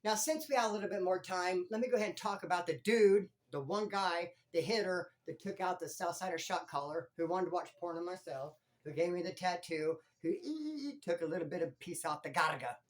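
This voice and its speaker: A former prisoner hosting his own channel, telling stories in animated street slang. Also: high-pitched, fairly quick, few pauses. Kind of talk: casual storytelling vlog.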